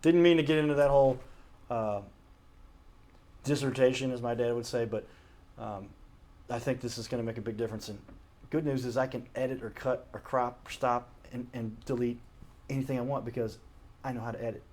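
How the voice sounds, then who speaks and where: A man's voice: mid-range voice, steady tone, brisk, pauses often, darkish tone, slight background noise. A man hosting his own show, talking casually and earnestly to his camera in a home studio, often stopping to correct himself. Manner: rambling, earnest, self-correcting. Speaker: show host. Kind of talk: casual solo talk to camera. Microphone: camera mic, self-recorded.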